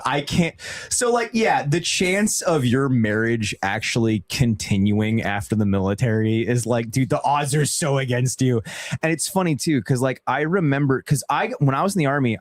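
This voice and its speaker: A young man hosting a casual live stream, laughing and swearing as he talks. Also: medium pitch. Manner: laughing, swearing, lively banter.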